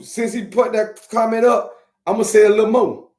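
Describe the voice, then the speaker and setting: A man hosting a podcast, talking casually and streetwise to his viewers, slowing down to preach his points. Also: high-pitched. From Miami. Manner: streetwise, preachy, drawn-out slow emphasis. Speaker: podcast host. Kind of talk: casual live-stream talk to viewers. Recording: echoey room.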